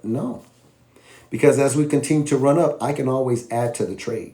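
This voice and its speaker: A man casually teaching trading, animated and slangy, acting out both sides of an argument with himself. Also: mid-range voice, normal speed. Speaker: trading educator.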